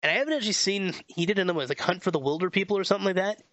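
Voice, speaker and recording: A man with a bright, fairly high voice talks through a movie plot in a loose, rambling podcast chat. The recording is dry and a little dull, like a lo-fi home setup. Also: racing, no echo. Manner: rambling, stumbles over names, laughs often. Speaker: podcast co-host. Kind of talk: casual movie review chat.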